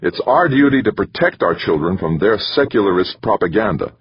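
A man's voice: lowish voice, animated, a little fast, lo-fi sound, slight background noise, voice pushed up, natural voice. A man doing a sugary, dismissive chairwoman. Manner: condescending, sugary. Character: sweetly dismissive female school board chairperson.

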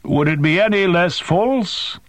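A man voicing a curious questioner who shouts challenging questions. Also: sits high, expressive, a little slow, dry recording, voice pushed up. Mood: shouting.

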